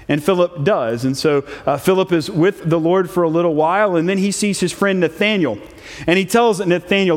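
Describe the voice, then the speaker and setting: A man preaching a sermon, reading scripture in a measured, solemn way and stressing key phrases. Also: on the high side. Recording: long hall reverb.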